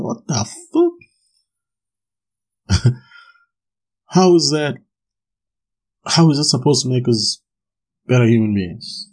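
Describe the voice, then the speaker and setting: A man's voice: medium pitch, expressive, slow, pauses often, a little mellow, poor audio. A young man hosting his podcast solo, ranting casually with swearing, laughter and frequent restarts while sipping gin. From South Africa. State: drinking gin while talking. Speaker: podcast host.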